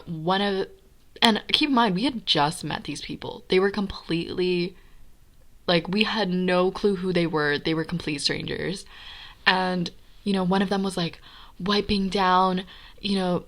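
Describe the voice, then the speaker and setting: Young woman, slightly low voice, casual animated storyteller, filler-heavy. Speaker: podcast guest telling a personal story.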